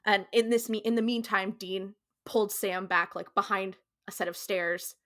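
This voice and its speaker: A woman co-hosting a podcast, retelling a TV episode in a casual, animated way, full of "like" fillers and slipping into quoted lines. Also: mid-range voice, moderate pace. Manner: animated storyteller, slips into quoted character voices; frequent "like" fillers, casual swearing. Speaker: podcast co-host.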